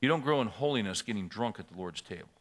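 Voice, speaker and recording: A middle-aged man preaching a sermon as pastor, shifting between loud scripture reading and quiet storytelling. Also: on the low side, animated, quick pace.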